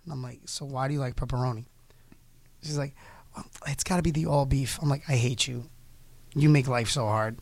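A man from New York co-hosting a podcast, joking and telling animated stories in casual banter. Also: medium pitch, brisk, vocal fry, long pauses, dry recording. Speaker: podcast co-host.

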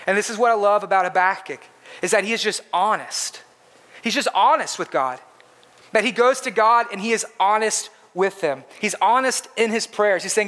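A man's voice: high voice, moderate pace, bright, forceful tone. A man preaching a sermon in an earnest, emphatic way, repeating his points for stress. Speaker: pastor.

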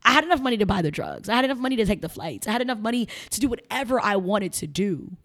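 A woman with a Chicago accent, a guest on a casual interview podcast, telling stories in an animated, emphatic way. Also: mid-range voice, racing. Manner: animated, emphatic storyteller who slips into mimicked voices.

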